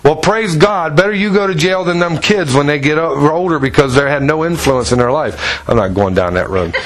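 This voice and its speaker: A pastor preaching to his congregation, telling stories with animated delivery and acting out the people in them. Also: normal speed, a crowd in the background, poor audio. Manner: animated storytelling, acts out voices with pitch jumps. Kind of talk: sermon.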